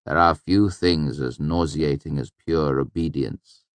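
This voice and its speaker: A man with a low voice reading the lines of a wry, weary male innkeeper and storyteller, with dry, pointed teasing. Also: a little slow, no room sound. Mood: stern.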